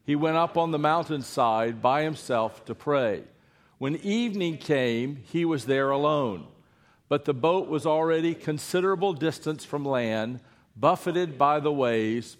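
A man's voice: fairly high pitch, lively intonation, a little slow. A man, a preacher giving a sermon and coaxing his congregation to read scripture aloud with him. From Eastern North Carolina. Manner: playful, coaxing the congregation, then hushed and earnest. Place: church before a congregation.

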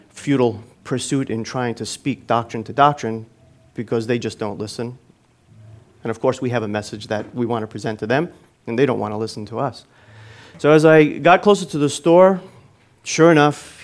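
In a mid-range voice, a man preaches a sermon, earnestly telling a personal story. His phrases swell and then fall quiet at the end.

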